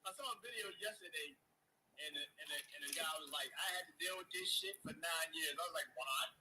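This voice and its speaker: A man co-hosting a casual sports talk show, excitable and profane, acting out his stories. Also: fairly high pitch, quick pace, a little hiss or hum, low-quality recording. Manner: excitable, swears a lot, acts out stories. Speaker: co-host.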